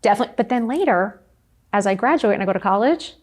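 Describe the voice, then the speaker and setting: A middle-aged woman talking frankly as a podcast guest, telling her story with lively acted-out quotes. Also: medium pitch, fast talker. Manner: frank, animated storytelling, often acts out quotes. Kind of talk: candid interview conversation.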